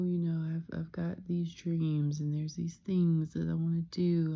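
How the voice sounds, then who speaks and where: Low, gravelly woman musing candidly. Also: level tone, unhurried, few pauses. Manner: soft-spoken, candid, drops into whispers. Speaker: vlogger. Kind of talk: reflective personal vlog.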